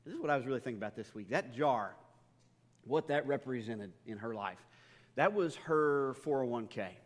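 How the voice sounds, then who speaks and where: A male pastor delivering a sermon, mixing personal stories and gentle humor, often stumbling over and repeating his words. His voice sits at an ordinary pitch and trails off into the long reverb of a big church hall. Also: animated, moderate pace.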